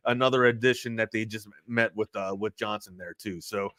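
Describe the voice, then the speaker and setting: A man with a slight Baltimore accent co-hosting a sports talk show, talking in a rambling, animated way as he breaks down games. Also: on the low side, a little fast, no room sound, studio quality. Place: studio.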